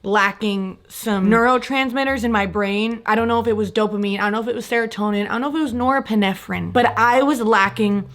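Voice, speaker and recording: Young female vlogger, bright higher voice, casual, animated storyteller. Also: brisk, few pauses. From California. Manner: chatty, animated storytelling with frequent fillers.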